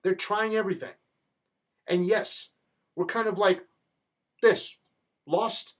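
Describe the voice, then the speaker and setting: Husky-voiced man giving a fervent political rant. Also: high voice, measured pace, long pauses. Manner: fervent, rallying, rhetorical. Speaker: political commentator. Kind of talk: impassioned political monologue.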